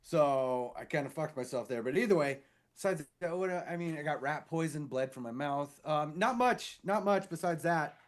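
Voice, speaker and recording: A married man co-hosting a casual podcast, telling a rambling story full of swearing and quick impressions of other people. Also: a little high. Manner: rambling, animated, swears freely; mimics others with shifted voices in stories. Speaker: podcast co-host.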